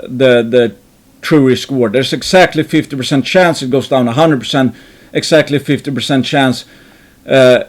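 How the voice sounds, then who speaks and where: A man hosting an investing channel, thinking aloud in a rambling way, with many restarts and fillers and some casual swearing. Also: mid-range voice.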